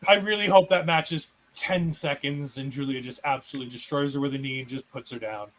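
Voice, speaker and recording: A man's voice: mid-range voice, brisk, fairly bright tone, poor audio. A man co-hosting a casual wrestling recap, retelling scenes with sarcastic asides and acted-out quotes. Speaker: co-host.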